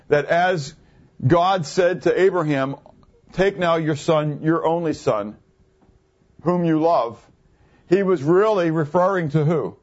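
A man's voice: a little high, a little mellow. A man preaching a sermon in a conversational way, asking the congregation rhetorical questions. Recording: dull lo-fi recording.

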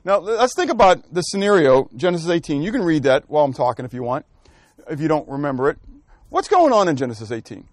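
High-voiced man teaching a Bible class. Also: very animated, fast, no room sound, studio quality. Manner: asks the class questions and calls on people by name; thinks aloud and corrects himself. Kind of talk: interactive scripture lesson.

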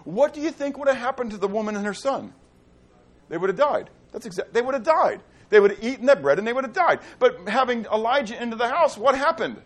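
A man's voice: extremely high pitch, expressive, fast. A man preaching a sermon, asking rhetorical questions and repeating key phrases. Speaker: pastor.

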